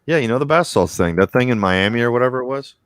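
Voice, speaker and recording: A man's voice: medium pitch, lively intonation, fast talker, clear, resonant tone, dry recording. A man from Virginia hosting a casual chat with friends, laid-back and swearing freely. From USA (Virginia). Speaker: show host.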